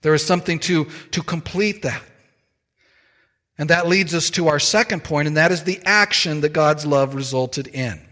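A man preaching a sermon in a measured, emphatic way, stressing key phrases slowly. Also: on the high side, sharp tone, long reverb tail.

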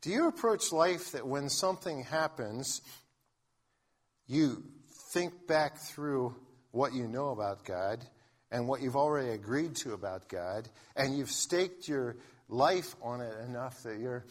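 A man's voice: mid-range voice, expressive, a little slow. A man pastor giving a sermon in a conversational way, reading scripture aloud and often restarting his sentences. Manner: conversational preaching with frequent restarts.

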